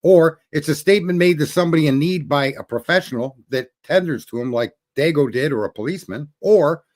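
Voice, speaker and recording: A man's voice: fairly high pitch, fairly quick, dry recording, studio quality. A man on a discussion panel, talking emphatically and posing rhetorical questions.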